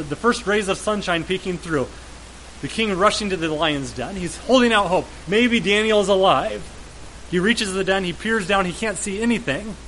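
A man's voice: sits high, fairly bright tone, a little hiss or hum, poor audio. A man preaching a sermon, retelling a scripture story in a storytelling way and repeating words as he goes.

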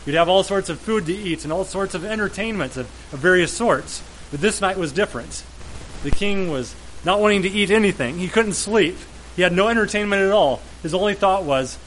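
A man's voice: high voice, brisk, fairly bright tone, a little hiss or hum, low-quality recording. A man preaching a sermon, retelling a scripture story in a storytelling way and repeating words as he goes.

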